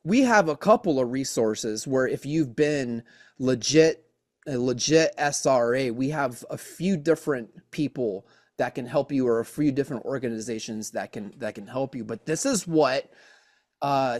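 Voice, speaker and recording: In an unhurried, mid-range voice, a man hosts a podcast in casual chat. He's earnest, tends to repeat himself, and says "man" a lot.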